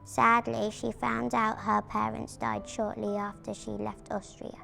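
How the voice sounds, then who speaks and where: A woman reading a prepared family account aloud at a memorial event, steady and careful. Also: a little high, measured pace, vocal fry, faint music behind. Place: community arts venue.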